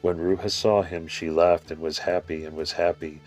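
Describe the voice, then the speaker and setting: Deep, even-toned male reader for scripture recitation over soft guitar. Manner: steady, measured recitation with occasional filler slips. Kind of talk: reading a religious text aloud.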